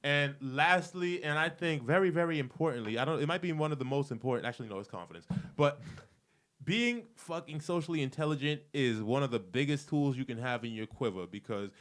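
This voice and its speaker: A man's voice: mid-range voice, expressive, fairly quick, fairly bright tone. A man co-hosting a comedy podcast, talking in loose, profane, laughing banter. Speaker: podcast co-host. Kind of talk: casual comedy podcast chat.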